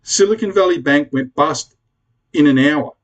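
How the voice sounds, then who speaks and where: Aussie bloke ranting on his vlog, kinda high voice, blunt and sweary, keeps begging people. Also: moderate pace. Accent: Australian. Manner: blunt, swearing, pleading and rambling. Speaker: prepper vlogger. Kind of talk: casual rant to camera.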